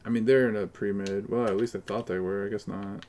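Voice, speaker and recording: A man's voice: fairly low pitch, fairly even intonation, fairly quick, mellow, slight background noise. A man streaming a game live, arguing with his chat and cursing at his teammates. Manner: profane, combative ranting at chat. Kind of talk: live gaming stream commentary.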